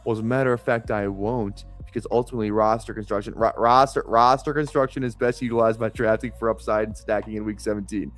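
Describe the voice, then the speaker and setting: A man's voice: on the low side, steady tone, fast, few pauses, close to an everyday voice. A man reading as a smug bar know-it-all. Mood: mocking. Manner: mocking, lecturing.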